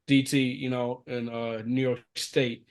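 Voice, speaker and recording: A man's voice: medium pitch, level tone, measured pace. A man co-hosting a casual podcast, laid-back and laughing, with many fillers. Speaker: podcast co-host.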